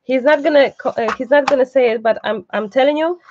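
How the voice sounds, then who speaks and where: A woman's voice: high voice, a little fast, a little mellow, highs cut off, a little hiss or hum. A woman hosting a live online craft class, chatty and reassuring, breaking off for asides to the person behind the camera. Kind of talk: live craft tutorial, casual chat.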